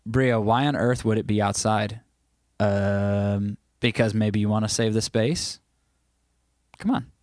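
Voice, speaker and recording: A man's voice: lowish voice, level tone, unhurried, a little mellow, no room sound, clean studio sound. An American man hosting a casual livestream from home, reading chat comments aloud in a playful, joking way. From United States. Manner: playful, joking, breaks into bits of song. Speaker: livestream host.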